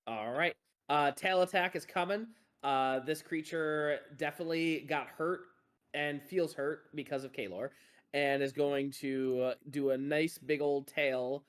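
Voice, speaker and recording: A man runs a tabletop game as dungeon master. He talks in a relaxed way and fills his pauses with "uh" as he narrates and calls for rolls. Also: a little high, smooth. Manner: relaxed, with frequent filler pauses.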